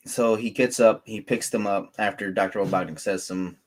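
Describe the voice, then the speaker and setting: A man co-hosting a podcast in casual chat, excited and profane, speaking in loose fragments. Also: on the low side, normal speed. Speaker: podcast co-host.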